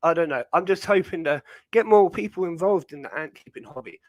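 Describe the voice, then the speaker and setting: Young British male host, casual rambling chat, slightly high voice, dry close sound. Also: animated, brisk, no echo. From Britain. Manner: rambling, chatty, many fillers. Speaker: livestream host.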